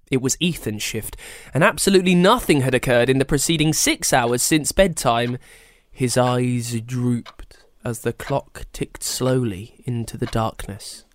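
A storyteller reading a children's story in an expressive, animated way. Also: mid-range voice, dry recording, studio quality.

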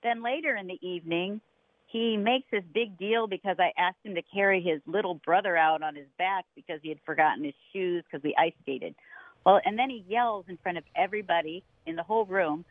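A middle-aged woman tells a story on a radio interview, lively and expressive, slipping into the voices of the people she quotes. Her voice comes through a narrow, phone-like line with a very dry, close sound. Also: mid-range voice, normal speed, no echo. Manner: animated, acts out quoted voices, laughs often. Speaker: co-host.

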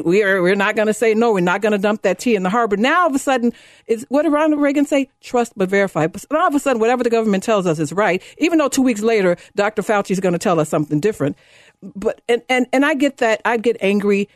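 A woman in her fifties hosting a talk radio show, delivering a fired-up, sarcastic monologue that climbs high when she gets indignant. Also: darkish tone, dry recording, clean studio sound. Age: 50s. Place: radio studio. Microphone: studio microphone.

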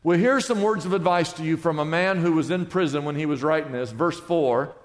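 A high-pitched male pastor preaches an emphatic sermon, throwing questions out to the congregation. His voice rings with a long reverb from the church sanctuary. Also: fairly quick, hardly any pauses.

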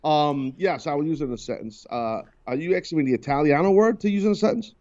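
A man's voice: on the high side, fast, a little mellow, dull audio. Teasing, rambling radio host, man. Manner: loose and rambling, teasing his co-hosts. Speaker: radio talk show host. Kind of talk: casual on-air banter.

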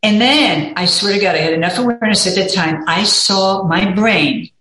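A woman's voice: medium pitch, moderate pace, fairly bright tone. A middle-aged woman talking as an interview guest in a candid, rambling way, often saying "you know". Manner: rambling, candid, peppered with 'you know'. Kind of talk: casual interview chat. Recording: echoey room.

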